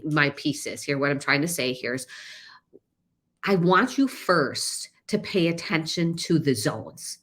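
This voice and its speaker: A middle-aged woman with a low, deep voice talks through her ideas as a podcast host. She speaks slowly and earnestly, often restarting a phrase or repeating a word as she explains. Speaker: podcast host and caregiver coach. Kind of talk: solo podcast teaching.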